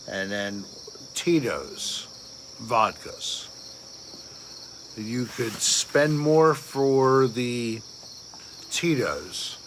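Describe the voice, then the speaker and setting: A man's voice: mid-range voice, slight background noise. A man hosting a casual late-night livestream, rambling and answering viewer comments aloud. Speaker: livestream host reading viewer chat.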